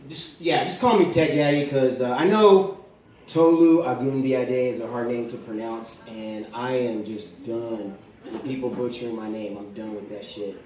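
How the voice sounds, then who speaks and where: A young man doing a rambling, profane stand-up set on stage, with lots of fillers and a deadpan delivery. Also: mid-range voice. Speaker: stand-up comedian. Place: comedy club stage. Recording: echoey club from far off, crowd laughing. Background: audience laughter.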